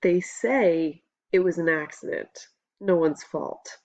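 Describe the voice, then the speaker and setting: A woman reading a novel aloud as a first-person audiobook narrator, in a steady, measured storytelling voice. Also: on the low side, no room sound, dull audio.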